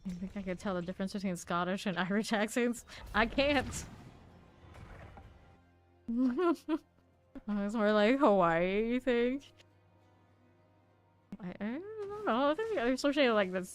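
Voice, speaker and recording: A woman's voice: mid-range voice, expressive, measured pace, long pauses, faint music behind. A woman from Florida streaming a game, chatting casually and rambling through side stories while she plays. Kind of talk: casual gameplay commentary.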